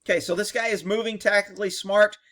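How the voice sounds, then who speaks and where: A man's voice: sits high, steady tone, fast, fairly bright tone. A man giving blunt, sarcastic and profane commentary on police footage. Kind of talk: video commentary.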